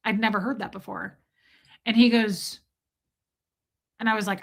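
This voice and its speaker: A woman's voice: mid-range voice, moderate pace, gravelly, pauses often. A woman hosting a casual livestream Q&A, candidly answering chat comments and thanking viewers by name. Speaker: livestream host.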